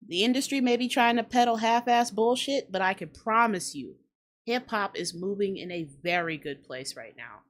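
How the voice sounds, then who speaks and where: A woman hosting a hip-hop commentary show, talking in a blunt, profane, ranting way and repeating lines for emphasis. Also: on the low side. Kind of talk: casual commentary rant.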